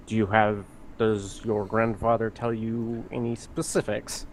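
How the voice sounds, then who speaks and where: A man's voice: fairly low pitch, level tone, a little slow, a little hiss or hum. A man playing a young dwarf runesmith apprentice in a tabletop game, speaking in a solemn, formal way. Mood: grave.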